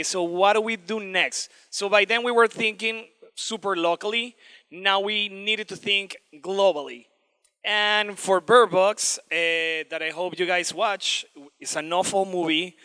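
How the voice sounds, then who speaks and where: A man's voice: high voice, bright, forceful tone, smooth. A man giving a casual, enthusiastic talk as a creative director. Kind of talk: presentation to students.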